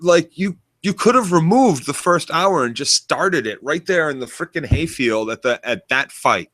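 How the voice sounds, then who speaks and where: A man's voice: a little high, animated, moderate pace, a bit bright. A man co-hosting a casual TV review chat, joking and rambling. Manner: joking, rambling, laughs easily. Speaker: podcast co-host.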